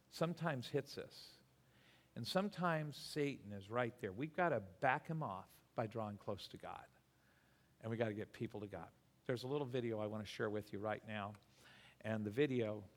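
A man's voice: medium pitch, long reverb tail. A male pastor telling a story in a sermon, acting out the quoted dialogue with animation. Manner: animated, acts out quoted dialogue, laughs between lines.

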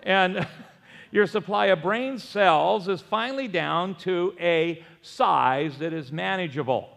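Older pastor with a high, gravelly voice. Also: male voice, slow pace, fairly bright tone, long reverb tail. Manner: folksy storytelling, self-deprecating humor. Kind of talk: sermon. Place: church sanctuary.

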